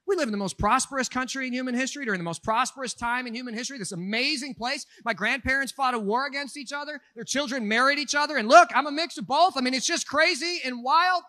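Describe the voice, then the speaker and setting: Pastor guy from minnesota, high bright voice, jokey sermon, goes from mumbly asides to yelling. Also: quick pace, dry recording. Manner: animated, joking, swings from quiet asides to shouts.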